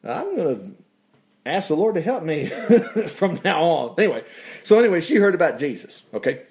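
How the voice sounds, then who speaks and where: A man's voice: a little high, very animated, moderate pace, darkish tone. A man preaching a casual, folksy sermon, often laughing and dropping in "praise the Lord". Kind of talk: conversational sermon.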